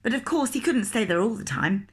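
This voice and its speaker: A woman reading a picture book aloud to children, expressive and asking the listener questions. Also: on the high side, a little fast, breathy edge. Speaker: teacher reading a story to children.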